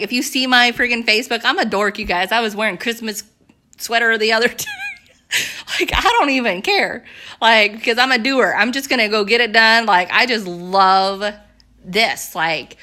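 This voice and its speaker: A young woman speaks straight to her viewers in a quick, chatty pitch, peppering every thought with "like" and "you guys." Her voice is bright and gushing with enthusiasm. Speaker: network marketing vlogger. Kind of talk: casual direct-to-camera pitch.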